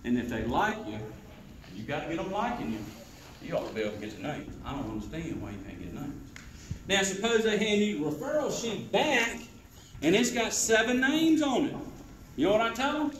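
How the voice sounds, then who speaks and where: High-voiced sales trainer in a hall. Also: male voice, fairly quick, far from the mic. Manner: animated, quizzes the audience, acts out sales pitches. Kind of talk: sales rally talk to a live audience. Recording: roomy hall echo with faint noise.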